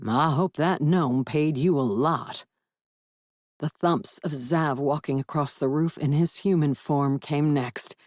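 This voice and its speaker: Low-voiced woman narrating an audiobook. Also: no echo, studio quality. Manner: wry, lively first-person storytelling. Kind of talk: first-person audiobook narration.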